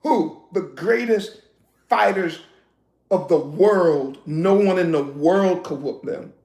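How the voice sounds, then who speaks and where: A man preaches a sermon at full volume, emphatic and laughing, with slangy street talk. His voice is high and gravelly. The sound rings around an echoing room. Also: slow, darkish tone. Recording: echoey room.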